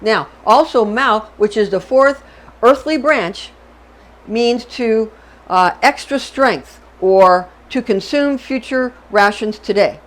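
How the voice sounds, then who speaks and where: A woman's voice: on the high side, slow pace. A middle-aged woman hosting an astrology talk, chatty and digressive, often repeating herself and checking in with "okay?". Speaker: astrology channel host. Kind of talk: unscripted astrology lecture.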